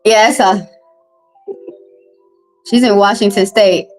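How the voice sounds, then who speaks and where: A woman with a Southern US accent reading tarot on a live stream, chatting casually in a profane, animated way. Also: mid-range voice, slow pace, faint music behind, low-quality recording. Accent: Southern US, Texas. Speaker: tarot reader.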